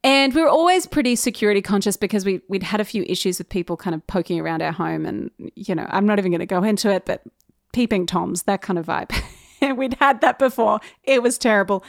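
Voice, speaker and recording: A woman's voice: medium pitch, fast talker, gravelly, dry recording, clean studio sound. A young woman telling a personal story in a casual, chatty way, often laughing as she goes.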